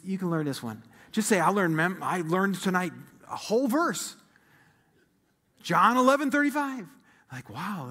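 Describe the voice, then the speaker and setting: A man pastor preaching a sermon in a church auditorium, reading scripture aloud with rising, emphatic peaks. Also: high-pitched. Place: church auditorium with balcony and online audience.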